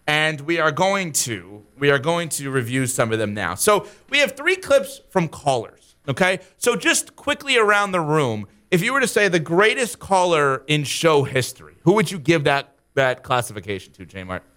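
A man's voice: on the high side, very animated, normal speed, few pauses, bright, forceful tone. A man hosting a sports radio show in a studio, joking and teasing his co-hosts and laughing easily. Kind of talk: casual studio chat.

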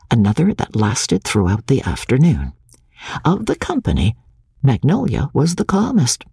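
Animated, gravelly male audiobook narrator. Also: medium pitch, dry recording, clean studio sound. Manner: animated, theatrical delivery. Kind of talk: expressive novel narration.

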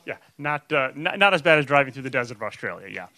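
Bright-voiced upbeat male interviewer. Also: medium pitch, big pitch swings, fast, no room sound. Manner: upbeat, brief reactions, filler "uh". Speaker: interviewer host. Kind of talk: casual interview.

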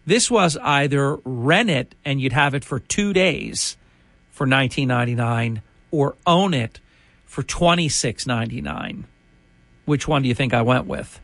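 A man's voice: mid-range voice, lively intonation, unhurried, fairly bright tone, no room sound. A male radio host giving a chatty, opinionated on-air monologue full of restarts.

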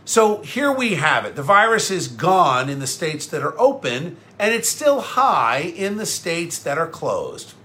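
A combative talk show host from New with a high, bright voice. He rants sarcastically, repeats himself for punch and fires back at viewer comments. His delivery is blunt and restless. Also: sing-song, unhurried, few pauses. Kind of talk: live-streamed talk show rant.

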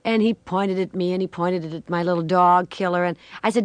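An older woman, a guest, telling a long story with animated, acted-out voices and laughter. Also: lowish voice, brisk, few pauses, no room sound.

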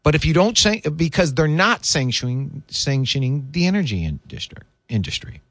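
A man hosts a political talk show, pressing his points with indignant emphasis. His voice sits a little high for a man and swings widely in pitch. The sound is dry and close, with no room echo. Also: big pitch swings, normal speed, fairly bright tone. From United States. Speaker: political talk radio host. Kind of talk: opinionated political commentary.

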